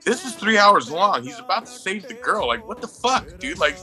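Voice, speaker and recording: A movie review podcast co-host with a high voice talks at normal speed about a film in casual chat. Profane and excitable, he swears a lot and laughs often while recounting scenes.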